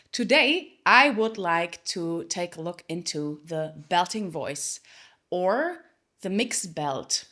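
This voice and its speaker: A woman vocal coach talks through a singing lesson in a bright, ringing voice. Her pitch moves a lot as she explains. She breaks into loud, high belted phrases to demonstrate.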